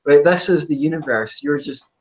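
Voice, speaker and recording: A man's voice: a little high, moderate pace. A Scottish man hosting a podcast in casual group chat, joking with theatrical outbursts. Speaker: podcast host. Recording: dull lo-fi sound.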